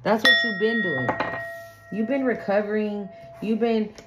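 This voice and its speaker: A woman's voice: medium pitch, measured pace, muffled recording, over loud music. A woman doing a casual spiritual tarot reading, blunt and profane, acting out the people she talks about. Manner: blunt, profane, acts out quoted people in sing-song voices. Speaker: tarot reader.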